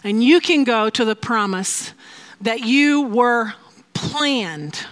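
A woman giving a sermon, talking in playful asides that mix with drawn-out, emphatic phrasing, and laughing often. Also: a little high, fairly bright tone. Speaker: speaker teaching a faith message.

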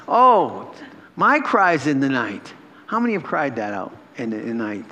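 With a sing-song, bright, and forceful mid-range voice at normal speed, a pastor preaches in a church hall to his congregation. He's conversational and emotional, often laughing and repeating himself. The sound is lo-fi.

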